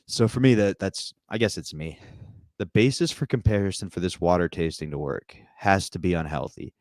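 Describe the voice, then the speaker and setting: A man who is a stand-up comedian, co-hosting a podcast and telling rambling stories with deadpan jokes. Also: deep voice, moderate pace, no room sound, clean studio sound. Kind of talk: casual comedy podcast banter.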